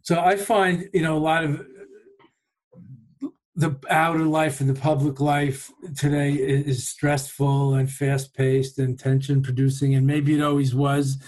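Mellow, measured man reflecting aloud. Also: on the high side, flat delivery, poor audio. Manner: measured, thoughtful, searching for words. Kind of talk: reflective conversation.

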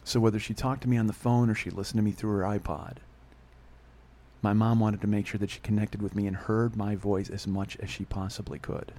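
A man hosting a podcast and telling a candid personal story in a fast, profane, casual way. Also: on the low side, level tone, darkish tone. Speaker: podcast host. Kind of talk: storytelling monologue.

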